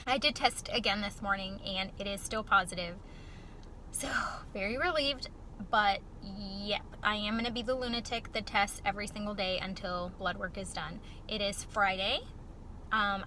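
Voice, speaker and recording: A woman talking candidly to camera in a casual personal vlog, soft-spoken and heartfelt. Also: medium pitch, a little hiss or hum, poor audio. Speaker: vlogger.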